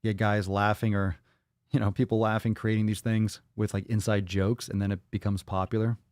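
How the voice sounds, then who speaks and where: Guy hosting a podcast, swears a lot, laughs at his own jokes, lowish voice, dry sound. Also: little pitch movement, brisk, a little mellow, no echo. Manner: profane, laughing, jokey. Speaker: podcast host. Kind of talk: crude casual chat reading viewer comments. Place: small room at home.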